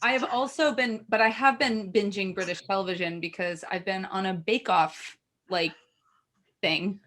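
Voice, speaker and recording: A woman with a Southern Californian accent, co-hosting a casual chat and talking in a chatty, giggly way with drawn-out pauses. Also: mid-range voice, steady tone, fairly bright tone. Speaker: co-host.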